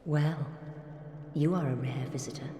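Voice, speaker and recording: A woman's voice: low-pitched, background noise. An actress voicing a solemn, mysterious woman who speaks formally and archaically to travelers in a game. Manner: formal, archaic, measured speech. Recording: game audio with hall reverb.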